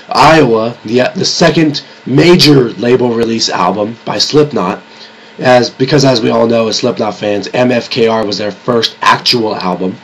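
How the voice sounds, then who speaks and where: A man's voice: medium pitch, a little hiss or hum, low-quality recording. A young man with a slightly sick voice, reviewing games and albums in a rambling, casual way and restarting his sentences often. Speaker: YouTube reviewer.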